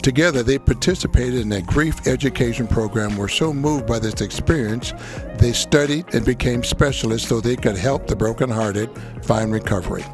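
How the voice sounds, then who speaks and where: A man reading a formal, scripted introduction for a podcast in a measured voice. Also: mid-range voice. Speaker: show announcer. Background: music.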